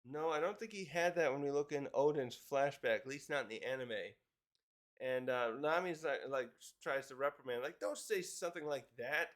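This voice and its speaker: A man's voice: medium pitch, moderate pace. A man casually recapping a comic chapter, rambling with fillers and chuckles. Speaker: manga reviewer.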